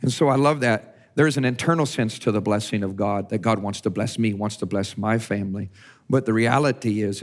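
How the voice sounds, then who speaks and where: A male pastor with a lowish voice preaches in a relaxed, conversational way. He often restarts and repeats words as he talks. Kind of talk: sermon.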